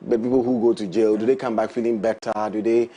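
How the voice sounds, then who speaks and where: A man's voice: lowish voice, steady tone, fast talker, dark tone, husky. A man with a Ghanaian English accent speaking as a panelist in a studio discussion, thinking aloud with hesitant restarts. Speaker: show panelist.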